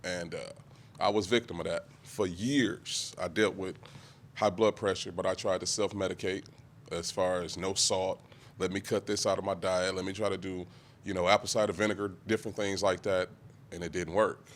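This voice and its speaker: A man in his forties giving an emotional, halting speech at a press conference, close to tears and often clearing his throat. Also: low-pitched, steady tone, slight background noise. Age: 40s. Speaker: guest speaker, kidney patient.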